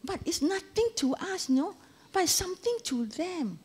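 A woman in her sixties with a Singaporean English accent gives a Dharma talk. She tells stories with a lively, swooping voice and sprinkles in local slang. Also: very high-pitched, normal speed. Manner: animated storytelling with local slang. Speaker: Dharma speaker.

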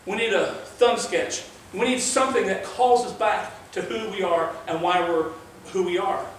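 High-voiced pastor in an echoey church. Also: male voice, fairly even intonation, moderate pace, fairly bright tone, slight background noise. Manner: earnest, conversational preaching with scripture reading. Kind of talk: sermon. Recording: very echoey room, mic far off.

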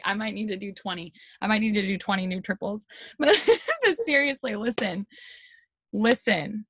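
A woman's voice: medium pitch, normal speed, no room sound. Chatty, upbeat woman on a video call. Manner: energetic, chatty, lots of "like" and "you guys". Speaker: team leader giving a pep talk. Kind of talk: motivational talk on a video call.

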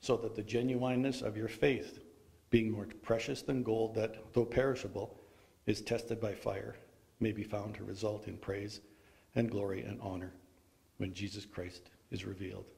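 A man serving as lay reader at a funeral, reading scripture and leading the psalm response with clear projection. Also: lowish voice, flat delivery, normal speed, a little mellow.

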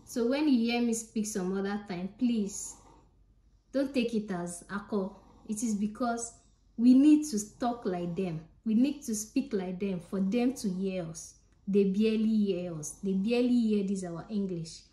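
A woman with a Nigerian accent chats straight to her viewers, warm and mellow in tone. She leans on her points and says them again for emphasis. The sound has a roomy echo around it. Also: mid-range voice, a little slow. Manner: chatty and emphatic, repeats points directly to viewers. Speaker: vlogger. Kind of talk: casual vlog talk to camera.

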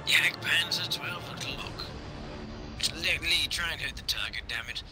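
A man's voice: on the high side, a little slow, music in the background. Blustering man, hammy posh commander. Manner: hammy officer bluster, swears, adds "I say". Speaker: gaming commentator. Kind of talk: mock-posh gameplay banter.

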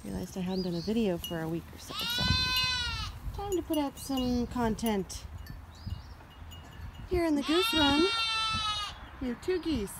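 Woman, farm vlogger, lively sing-song pitch, fairly high voice, chatty, loud outdoor noise behind. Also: unhurried, long pauses. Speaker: farmer vlogger. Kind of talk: casual walk-around vlog.

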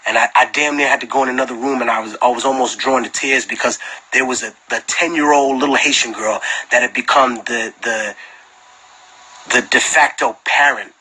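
A man tells swearing, animated stories and answers fans on a phone live stream, often laughing. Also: medium pitch, slightly rough, low-quality recording. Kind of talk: casual storytelling chat.

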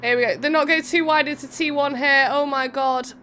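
A bubbly, giggly young woman streamer gives live commentary on a racing game event, chatting to viewers in between calls. Her voice sits high, steady, bright and forceful, and she speaks fairly quickly against slight background noise.

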